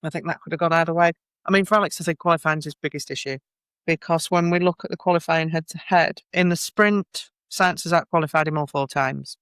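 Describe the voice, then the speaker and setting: A chatty man hosting a podcast, thinking out loud and circling back on his words. His voice sits a little high and sounds smooth and clean. It is recorded close and dry, with no room sound. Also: steady tone, a little fast, dry recording. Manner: chatty, musing aloud, hesitant restarts. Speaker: podcast host. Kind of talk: casual podcast chat.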